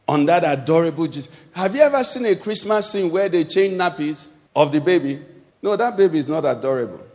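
A man with a Nigerian English accent preaching a sermon as pastor. He talks conversationally and keeps asking the congregation questions. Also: high-pitched. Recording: long hall reverb.

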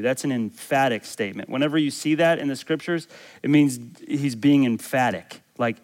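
A man's voice: mid-range voice, moderate pace. Emphatic man preaching a sermon. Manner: emphatic, rising to excited exclamations; reads scripture aloud and asks the listeners questions. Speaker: pastor.

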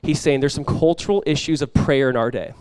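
A man's voice: medium pitch, brisk, a little mellow, smooth, no echo. A young adult male pastor giving a conversational sermon, joking and acting out little quotes.

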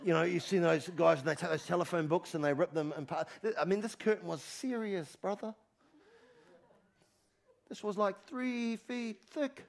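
A man preaching a sermon as pastor, animated and emphatic, repeating phrases for emphasis. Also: a little high, brisk, vocal fry, hardly any pauses. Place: church.

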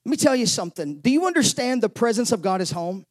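A man's voice: very high-pitched, sing-song, quick pace. A man preaching a sermon as pastor, openly emotional, often stumbling over and repeating words as he presses his point.

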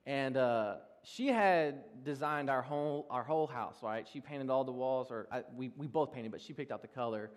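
Animated young pastor in a reverberant church. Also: male voice, medium pitch, normal speed, few pauses. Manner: animated, self-deprecating storytelling with laughs. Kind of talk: sermon with personal stories. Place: large church hall. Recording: long reverb of a church hall.

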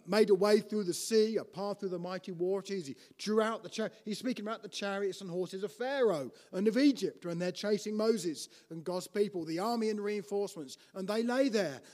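A man preaching a teaching sermon in an animated way, often restarting and putting questions to his listeners. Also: sits high, long reverb tail.

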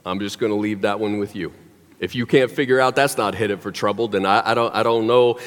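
Animated male preacher in an echoing hall. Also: fairly low pitch, a little fast. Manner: animated storytelling, wry asides. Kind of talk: sermon. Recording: long hall reverb.

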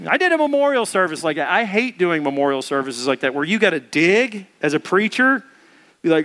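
A man delivers a sermon in a loose, conversational way. His voice sits high. The tone is bright and forward, and he acts out the quotes he tells. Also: sing-song, fairly quick. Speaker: preacher.

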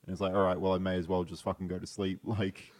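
A man talking as a podcast guest in casual chat, hesitant and halting as he searches for words. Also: deep voice, level tone. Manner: hesitant, full of fillers and restarts.

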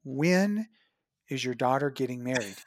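A woman's voice: rumbling low, a little slow, no echo, clean studio sound. A woman dentist telling patient stories in casual conversation, acting out the dialogue. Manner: animated storyteller, acts out quoted dialogue. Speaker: dentist, podcast guest.

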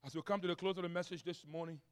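A man from Liberia, preaching a sermon as a pastor. He swings between loud proclaiming and quiet asides and repeats key phrases. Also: on the high side, steady tone, very fast.

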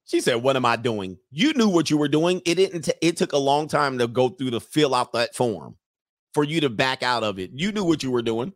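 A man's voice: medium pitch, lively intonation, brisk, no room sound, studio quality. A man doing comedic reaction commentary, sarcastic and laughing often.

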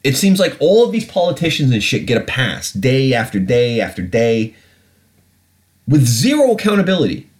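A man's voice: mid-range voice, sing-song, moderate pace. A British man hosting a podcast, ranting bluntly and profanely about politics. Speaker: podcast host. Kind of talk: casual ranting commentary.

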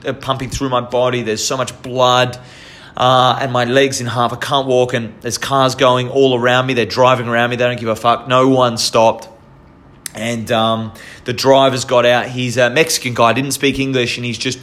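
A man's voice: mid-range voice, a bit bright. A young Australian man tells a personal story in a casual, earnest way, often restarting and repeating himself.

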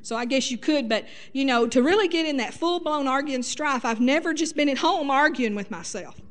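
High-voiced folksy woman preacher. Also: brisk. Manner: lively, folksy, punctuated with hallelujahs and laughter. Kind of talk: sermon.

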